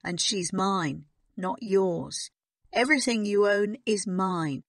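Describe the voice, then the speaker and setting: A woman's voice: mid-range voice, takes it slowly, no room sound, clean studio sound. A woman voicing a stern, cold headmistress in an audiobook, speaking in a commanding, scolding tone. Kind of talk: audiobook character reading.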